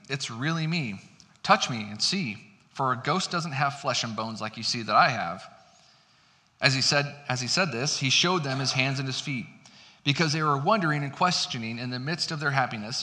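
A man's voice: mid-range voice, animated, moderate pace, bright, forceful tone. A man pastor giving a casual, conversational sermon with chatty, self-deprecating asides. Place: church sanctuary. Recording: long church hall reverb.

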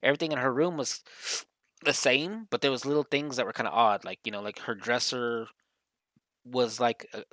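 A man's voice: mid-range voice, moderate pace, a bit bright, dry recording. A man co-hosting a podcast, telling a story in casual chat and filling his sentences with "like". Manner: rambling storyteller, heavy use of "like". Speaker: podcast co-host.

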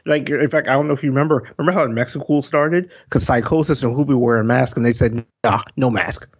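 A man's voice: medium pitch, fast, husky. A man chiming in with brief, wry remarks in a casual podcast chat. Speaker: podcast co-host. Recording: dull lo-fi mic.

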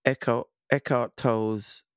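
A man's voice: medium pitch, steady tone, unhurried, smooth, no room sound, clean studio sound. Rambling man, joking co-host. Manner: rambling, joking, restarts a lot. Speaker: podcast co-host. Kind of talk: casual podcast chat. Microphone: podcast microphone.

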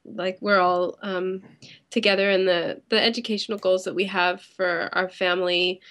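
A woman's voice: fairly low pitch, level tone, normal speed, a bit bright. Hesitant woman chatting on a call. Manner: hesitant with many ums, laughs often. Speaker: interview guest. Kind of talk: casual interview chat. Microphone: video call.

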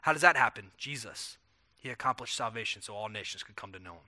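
A man's voice: fairly low pitch, animated, fast, sharp tone. A pastor preaching a sermon in an earnest, conversational way, asking rhetorical questions and often repeating words as he restarts.

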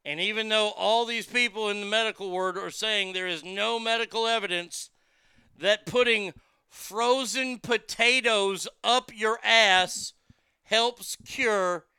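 A man's voice: sits high, fairly even intonation, unhurried, sharp tone, smooth, dry recording, clean studio sound. A man hosting a show, delivering a crude, mocking comedic monologue that rambles with restarts. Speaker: radio show host.

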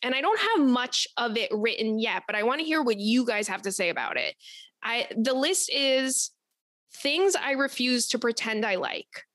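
A woman's voice: fairly high pitch, animated, moderate pace, a bit bright, no echo, studio quality. A woman hosting a podcast, chatting casually and animatedly, laughing often. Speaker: podcast host. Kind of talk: casual chat.

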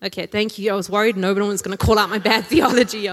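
A woman's voice: medium pitch, fairly even intonation, fast, fairly bright tone. Woman preacher, casual conversational sermon with jokey asides, long hall reverb. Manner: conversational, tag questions, jokey asides with laughs.

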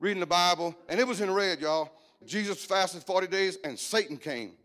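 High-voiced joking male preacher. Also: moderate pace. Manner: lively, joking storytelling preacher style. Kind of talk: sermon.

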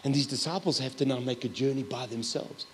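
A middle-aged man preaching a sermon as a pastor, telling stories with loud, animated asides. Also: medium pitch, fairly quick, a little hiss or hum.

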